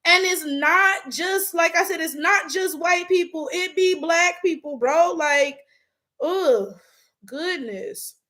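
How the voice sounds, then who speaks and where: A woman's voice: very high-pitched, slow, pushed and bright. A young woman from Detroit with an African American Vernacular accent, talking bluntly and profanely while reading viewer comments as a YouTube host. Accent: African American Vernacular English, Detroit. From Detroit, USA. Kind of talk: casual livestream commentary.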